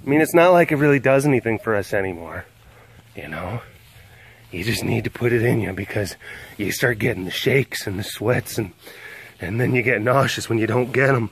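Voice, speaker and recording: This vlogger at a big cat sanctuary has a fairly low, gravelly voice and talks at a normal speed over slight background noise. Out by the animal enclosures, he playfully coos baby talk at the big cats while filming and narrates casually to the camera.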